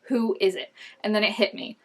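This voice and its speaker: A woman's voice: mid-range voice, steady tone, fairly quick. A young woman chatting casually in a fan recap vlog, gushing and rambling with lots of filler words.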